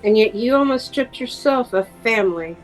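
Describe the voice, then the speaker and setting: A woman's voice: a little high, expressive, moderate pace, faint music behind, close to an everyday voice, rough recording. A woman voicing a defiant adventurer who keeps a baby dragon, in a tabletop game, speaking in pointed challenges.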